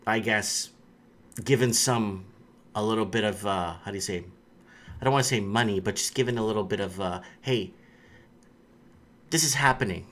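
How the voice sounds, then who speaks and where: A man's voice: lowish voice, a little fast, a bit bright. A man hosting a live stream, talking casually and rambling, with frequent restarts and fillers.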